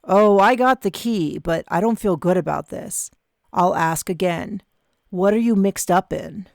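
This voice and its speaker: Woman reading a gentle, formal man. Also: lowish voice, measured pace, vocal fry, no room sound, clean studio sound. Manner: gentle, pleading.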